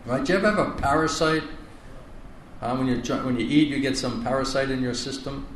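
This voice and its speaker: A man's voice: mid-range voice, a little fast, slight background noise. A man giving a spiritual class as a monk, preaching earnestly and stretching out repeated words for emphasis. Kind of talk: sermon. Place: lecture hall in India. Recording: echoey room from far off, faint ambience.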